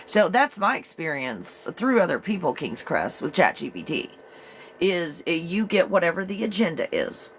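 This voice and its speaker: A woman's voice: on the low side, very animated, normal speed, slight background noise. A woman hosting a live morning stream, chatty and rambling, often breaking into laughter. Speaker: live show host. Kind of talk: casual live-stream talk.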